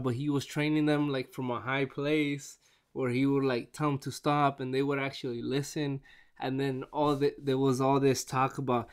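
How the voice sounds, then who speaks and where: Smooth-voiced man rambling casually. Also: medium pitch, normal speed. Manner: rambling, excitable, many restarts. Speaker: vlogger reviewing a movie. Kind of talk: casual chat.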